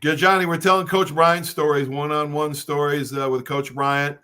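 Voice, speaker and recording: A man's voice: fairly high pitch, flat delivery, moderate pace, sharp tone. A man hosting a casual group conversation, telling stories with frequent restarts and stammers. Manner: stammering, storytelling. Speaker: host.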